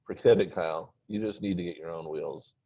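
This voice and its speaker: A man's voice: rumbling low, a little fast, gravelly, warm tone, husky, heavily acted. A man voicing a teasing teenage schoolboy with a mocking manner. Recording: dull lo-fi recording.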